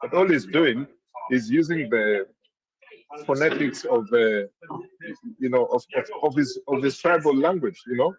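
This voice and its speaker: A man's voice: medium pitch, measured pace, pauses often, muffled recording, a crowd in the background. A man with a Kenyan accent chatting on a panel, rambling with many restarts and slipping Swahili into his English. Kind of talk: casual panel chat.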